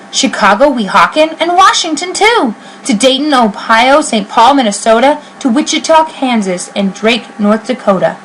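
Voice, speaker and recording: A woman reading a children's picture book aloud in an expressive, sing-song rhyming voice. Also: a little high, a little hiss or hum, low-quality recording. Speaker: reader.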